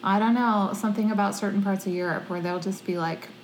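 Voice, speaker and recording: Casting: friendly-paced woman host, mid-pitched, casual and laughing. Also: steady tone, quick pace, slight background noise. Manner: chatty, laughing while retelling stories. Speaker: podcast host. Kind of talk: casual chat.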